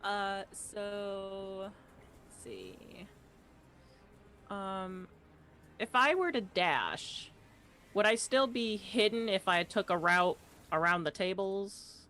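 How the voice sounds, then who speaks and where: A woman's voice: medium pitch, animated, bright, forceful tone, a little hiss or hum. A woman playing a tabletop game, thinking aloud with lots of fillers. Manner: unhurried, hesitant, thinks aloud with many fillers. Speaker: player.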